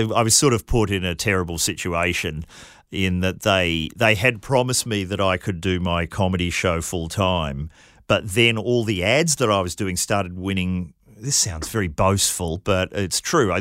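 A man's voice: sits low, moderate pace, a bit bright, no room sound, studio quality. A man from New Zealand whose accent wavers between Kiwi, Australian and English, telling anecdotes with frequent laughs. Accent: mixed New Zealand and Australian, drifting English. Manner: laughs often, self-deprecating anecdotes. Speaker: guest, comedian. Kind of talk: casual interview storytelling.

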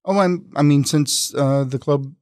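A man's voice: a little high, measured pace, a little mellow, no echo, studio quality. A man, a reporter and podcast host, talking as a guest in casual chat, with many restarts and fillers.

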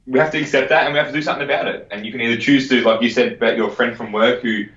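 A man's voice: mid-range voice, steady tone, racing, fairly bright tone. A man, a podcast guest chatting casually with lots of energy, swearing freely and repeating words. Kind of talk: casual interview chat. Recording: echoey, muffled sound.

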